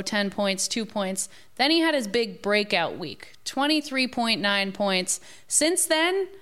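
Smooth-voiced woman leading chat. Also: a little high, fairly bright tone. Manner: upbeat, steers the talk with questions. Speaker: fantasy football panel host. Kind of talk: casual sports panel chat.

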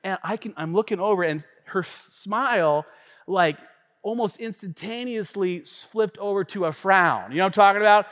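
A man preaching a sermon as pastor, telling a story in an animated, conversational way with frequent asides to the congregation. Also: sits high, normal speed, big-room sound. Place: church sanctuary.

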